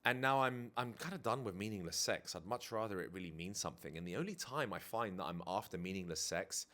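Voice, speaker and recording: His voice is on the low side, expressive, brisk, bright and forceful as this dating and life coach talks candidly to camera. Indoors, with DJ kit behind him, he reflects openly and throws in the odd casual swear.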